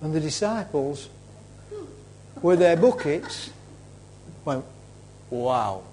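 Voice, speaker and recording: A male preacher retelling a story in a sermon, dramatic, swinging between loud and hushed. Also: sits high, lively intonation, measured pace, slight background noise.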